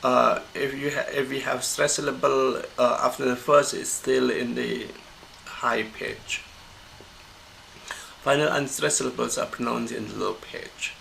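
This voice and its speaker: Gravelly man teaching pronunciation. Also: medium pitch, fairly even intonation, bright, forceful tone, slight background noise, poor audio. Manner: halting, many fillers and restarts. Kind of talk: screen-recorded lecture.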